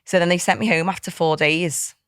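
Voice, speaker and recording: Fast-talking woman telling her story. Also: on the low side, steady tone, a bit bright, clean tone, no echo, studio quality. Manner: heartfelt, tumbling recollection full of quoted speech. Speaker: podcast guest. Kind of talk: candid personal storytelling in an interview.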